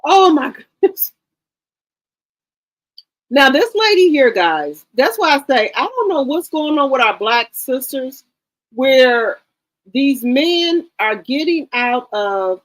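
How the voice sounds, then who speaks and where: Woman host chatting to her viewers, kinda high voice, says things twice for emphasis. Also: sing-song, takes it slowly, a bit bright. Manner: talks straight to viewers, emphatic and repetitive. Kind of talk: casual commentary.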